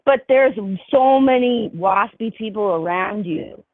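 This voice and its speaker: A woman's voice: on the high side, unhurried, no room sound. Woman caller, chatty and candid, thin call-line sound. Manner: candid, rambling, laughs easily. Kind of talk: casual chat. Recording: tinny phone-like call line.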